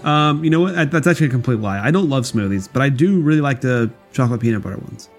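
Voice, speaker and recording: A man's voice: mid-range voice, expressive, fast, soft background music. A young man co-hosting a casual comedy podcast, jokey and laughing often. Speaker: co-host.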